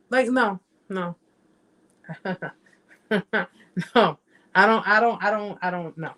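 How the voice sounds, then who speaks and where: A woman's voice: medium pitch, takes it slowly, long pauses, a bit bright. A woman hosting a casual live-stream chat. She reads viewer comments aloud, talks straight to her viewers, and repeats phrases for emphasis.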